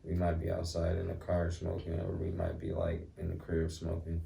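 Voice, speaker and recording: A man's voice: low voice, big pitch swings, normal speed, creaky, dark tone. A young man from Milwaukee telling laid-back, slangy stories as a guest in a casual chat. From Milwaukee, Wisconsin. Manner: laid-back slangy storytelling, lots of "you know what I'm saying". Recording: roomy echo, distant mic, faint noise.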